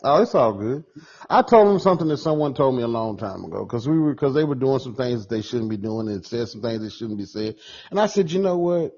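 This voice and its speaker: Lively husky man. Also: medium pitch, brisk. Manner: animated, repeats himself for emphasis. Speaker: bus driver. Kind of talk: casual chat. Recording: dull, lo-fi sound.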